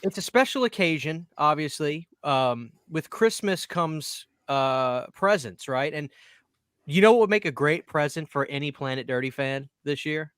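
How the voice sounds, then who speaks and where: Chill guy hosting a stream, slightly high voice, dry close sound, shouting out the chat. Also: smooth, no echo. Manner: upbeat, reads chat names quickly. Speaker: livestream host. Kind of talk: casual livestream chat.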